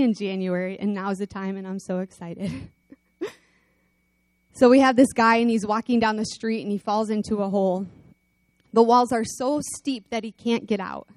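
A woman's voice: mid-range voice, no echo. A woman preaching a sermon, telling stories with energy and rallying her listeners before closing in prayer. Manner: animated storytelling, rallying calls.

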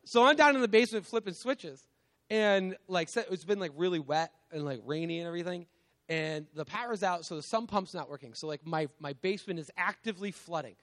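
High-voiced man preaching a chatty sermon. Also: brisk, fairly bright tone. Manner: conversational, lots of "like" and "right?", self-mocking laughs. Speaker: guest preacher. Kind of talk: casual sermon.

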